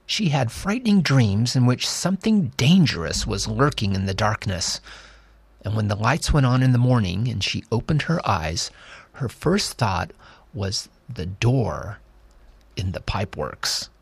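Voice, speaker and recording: A man slowly and expressively reading a children's novel aloud. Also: fairly low pitch, sing-song, gravelly, husky, no room sound. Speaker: storyteller.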